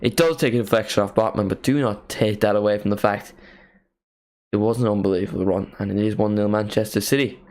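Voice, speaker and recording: A man hosting a live match watchalong, giving casual play-by-play commentary with jokey asides and excited calls. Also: fairly low pitch, fairly quick.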